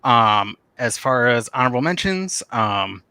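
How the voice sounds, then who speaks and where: Male guest, bright forward voice, relaxed, dry sound. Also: medium pitch, unhurried, clear, resonant tone, no echo. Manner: relaxed, with frequent ums. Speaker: podcast guest. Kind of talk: casual chat.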